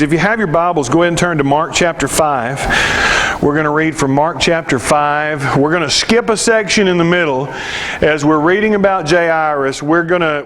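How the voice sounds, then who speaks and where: Male preacher, high voice, chatty sermon delivery that stumbles and restarts, self-mocking asides. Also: fairly bright tone. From United States. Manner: conversational and self-deprecating, with restarts. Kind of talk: sermon with scripture reading.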